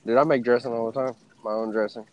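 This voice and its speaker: A man's voice: medium pitch, steady tone, fast, no echo, lo-fi sound. A man with a Southern US accent co-hosting a casual, profane, joking chat show. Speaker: podcast co-host.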